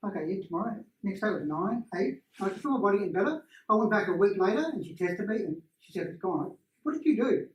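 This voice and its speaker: A man leading a workshop, telling stories in a lively, animated way and acting out voices. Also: sits high, fast, hardly any pauses. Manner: animated storyteller who acts out voices. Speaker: energy healing workshop presenter. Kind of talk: casual teaching talk to a small group. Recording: roomy, distant room mic.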